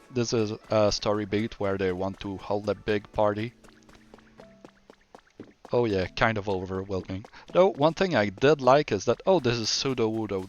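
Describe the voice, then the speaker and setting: A man with a French-Canadian accent talks through his game world in an unhurried, low voice. He rambles casually and often corrects himself mid-sentence, and soft music plays faintly behind him. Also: dull audio. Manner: relaxed, rambling, self-correcting. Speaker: streamer. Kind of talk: casual game walkthrough commentary.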